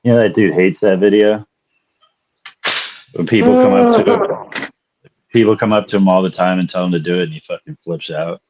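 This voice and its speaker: A man's voice: sits low, level tone, quick pace, few pauses, darkish tone, a little hiss or hum. A man co-hosting a podcast, trading dry, laughing banter in casual chat. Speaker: podcast co-host. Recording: dull lo-fi online call audio.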